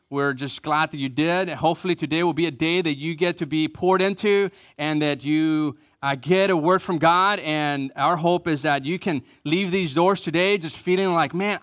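A pastor giving a relaxed, joking sermon in a church sanctuary. His voice is fairly high for a man and crisp, and it sounds close and dry on the microphone. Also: dry recording. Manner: informal and joking, with fillers.

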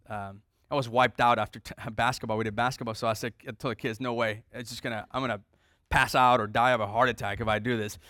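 A man's voice: mid-range voice, sharp tone, clean tone, no echo, studio quality. A man preaching a sermon as pastor, telling a family story in a conversational way and acting out the dialogue.

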